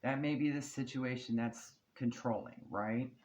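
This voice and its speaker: Tarot reader, casual reading, reassuring, chatty, mid-pitched voice. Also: fairly even intonation, unhurried, darkish tone, slight background noise, low-quality recording. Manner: reassuring, often checks in with "okay?" and "right?"; chatty, laughs now and then. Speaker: tarot and oracle card reader. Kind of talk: casual channeled card reading.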